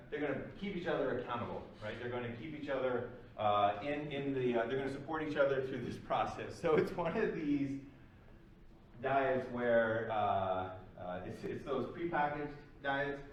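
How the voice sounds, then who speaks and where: A man's voice: medium pitch, normal speed. Male lecturer, casual and rambling, recorded far off in an echoey room with faint hiss. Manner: loose, filler-heavy explaining. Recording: very echoey room, mic at a distance.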